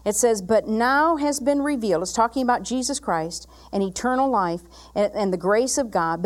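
A woman preaching a sermon, moving from loud emphatic bursts to hushed, intimate passages. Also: a little high.

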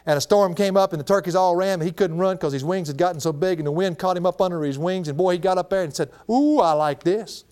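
Man, pastor, middle-aged, folksy animated sermon, fairly high voice. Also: quick pace, few pauses, smooth. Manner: folksy, animated preaching with laughs.

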